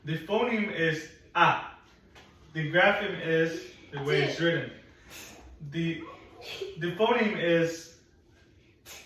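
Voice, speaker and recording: A man teaching phonics one on one, patient and encouraging, slowly repeating sounds for a young learner in a classroom. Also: a little high, fairly bright tone. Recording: echoey room, mic at a distance.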